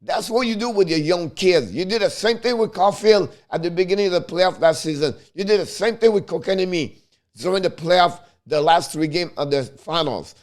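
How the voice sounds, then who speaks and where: Frustrated hockey commentator with tinged English. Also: male voice, high-pitched, moderate pace. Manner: heated, frustrated, repetitive, broken English phrasing. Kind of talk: ranting fan commentary.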